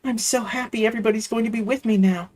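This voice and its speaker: Dude doing a cheerful little girl voice, high and sing-song, faint game music. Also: fairly even intonation, quick pace, a little mellow, natural voice. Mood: sweet.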